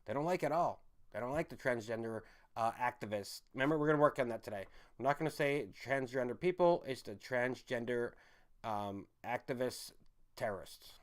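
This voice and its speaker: Male stream host, mid-pitched voice, loose ranting delivery full of restarts. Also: expressive, a little fast. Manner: ranting, with frequent restarts and stumbles; addresses the audience as folks and guys. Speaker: online commentary host. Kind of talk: rambling livestream commentary.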